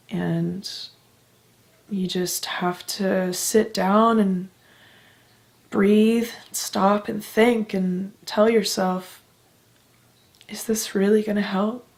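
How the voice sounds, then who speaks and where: A woman's voice: mid-range voice, gravelly, a little mellow. A young woman from Canada talking candidly in a personal vlog, emotional and heartfelt, swearing casually as she speaks. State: emotional, close to tears. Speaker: vlogger.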